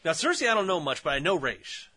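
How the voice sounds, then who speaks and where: Man, slightly higher voice, bright tone, dry sound, casual comics chat. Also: big pitch swings, a little fast, husky, no echo. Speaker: podcast co-host.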